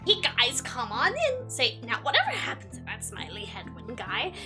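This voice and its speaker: A woman's voice: sits high, wildly swooping pitch, moderate pace. Woman doing a swooping, folksy gossiping shopkeeper. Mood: chatty. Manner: folksy, sing-song, swooping. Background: game music.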